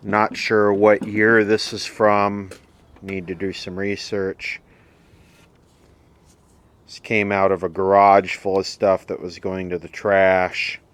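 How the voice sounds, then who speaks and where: A man's voice: sits low, flat delivery, slow pace, smooth, dry recording. A middle-aged man casually narrating as he inspects old equipment in a workshop, thinking aloud with mumbled asides. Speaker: repair video host.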